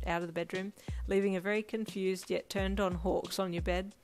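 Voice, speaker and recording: A woman's voice: lowish voice, normal speed, hardly any pauses. Woman narrating a fanfiction audiobook. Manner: steady storytelling narration. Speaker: fanfiction reader. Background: faint lo-fi drum music.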